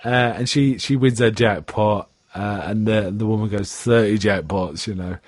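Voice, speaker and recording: A man's voice: moderate pace, dry recording. Man animatedly recapping an episode. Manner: animated retelling, pitching up for quoted characters. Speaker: podcast host. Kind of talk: casual chat recapping a TV episode.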